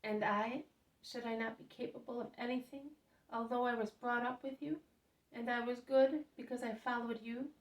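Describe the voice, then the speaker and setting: A woman's voice: on the high side, fairly even intonation, moderate pace, close to an everyday voice. A woman voicing an earnest, devoted young man who pleads to follow his cousin, in a storybook reading. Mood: pleading. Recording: roomy echo, mic at a distance.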